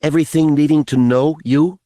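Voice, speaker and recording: A man's voice: a little high, steady tone, brisk, dark tone, no room sound, clean studio sound, voice pushed up, close to an everyday voice. Guy putting on an angry alien warrior girl, raised voice, choppy broken talk. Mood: bitter. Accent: broken upland speech of the story. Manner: clipped broken grammar, hateful. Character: fierce young alien woman warrior, bitter.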